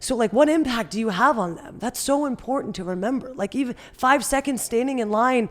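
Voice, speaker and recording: A young woman from Northern California chats as a podcast guest in a slightly high voice. She tells stories animatedly and leaps up in pitch whenever she acts out what someone said. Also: a little fast. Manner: animated storyteller, acts out quotes with big jumps up in pitch. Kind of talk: casual interview chat.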